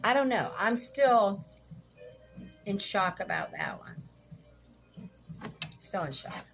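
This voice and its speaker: A woman's voice: mid-range voice, big pitch swings, extremely slow, faint music behind. A middle-aged woman vlogging casually at home while cooking, telling a story bluntly and indignantly, swearing freely.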